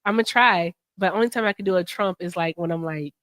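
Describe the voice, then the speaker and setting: A woman hosting a casual livestream, playful and expressive, laughing often as she chats. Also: on the low side, a little fast, dry recording, studio quality. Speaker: streamer host.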